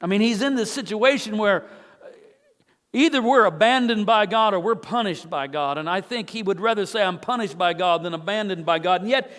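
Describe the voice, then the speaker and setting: Man, pastor, high voice, earnest sermon, scripture read with rising feeling, church reverb. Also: fairly bright tone. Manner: earnest, reads scripture aloud with rising emotion. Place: church sanctuary.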